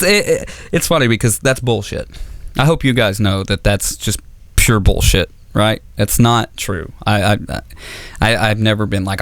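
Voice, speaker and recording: A male stand-up comedian with a lively voice that swings high and low as he acts out both sides of his stories. He talks in a profane, animated way, and his voice sounds dry and close to the mic. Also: dry recording. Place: comedy auditorium stage.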